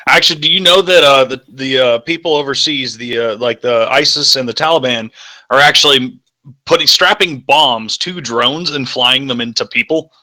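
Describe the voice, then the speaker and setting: Brief: young male co-host, crude and rambling, very bright tone. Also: mid-range voice, moderate pace. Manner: rambling, crude, self-correcting. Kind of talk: casual chat.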